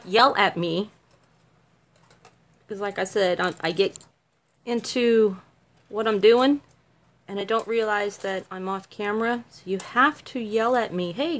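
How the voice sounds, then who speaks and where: A woman's voice: medium pitch, a bit bright. A middle-aged woman making a craft video, chatting casually on a livestream, giggly and self-mocking.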